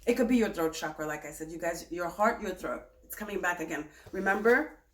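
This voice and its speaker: A woman giving a tarot reading in a chatty, animated, self-correcting way. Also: fairly low pitch, fairly quick, reverberant. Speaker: tarot reader.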